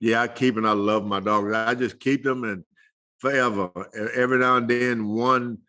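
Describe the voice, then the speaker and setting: An older man telling folksy stories as an interview guest, slow and chuckling. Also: medium pitch, steady tone, sharp tone. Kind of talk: casual storytelling interview.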